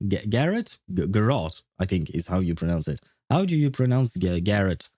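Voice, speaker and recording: A man's voice: sits low, very animated, fairly quick, warm tone, dry recording, clean studio sound. A young man with a French accent, a French speaker chatting casually while streaming a game, rambling, correcting himself and laughing often. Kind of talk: casual livestream chat.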